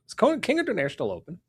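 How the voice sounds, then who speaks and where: A man's voice: high-pitched, husky. A man hosting a podcast, telling stories casually, laughing often and acting out the people in them. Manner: animated storyteller who laughs often and acts out the people in his stories. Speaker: podcast host. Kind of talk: casual storytelling chat.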